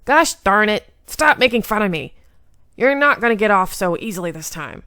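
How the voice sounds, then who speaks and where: A woman voicing a brash, hot-headed young male swordsman in a visual novel read-aloud, loud and impatient. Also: medium pitch, big pitch swings. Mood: angry. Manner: loud, impatient, quick to shout.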